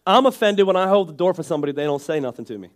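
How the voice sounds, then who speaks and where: A man's voice: on the high side, expressive, racing. A man with a nasal voice and a Northeastern American accent, preaching a sermon in a casual, joking way. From Northeastern United States. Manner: conversational and joking, with frequent restarts and asides. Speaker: pastor.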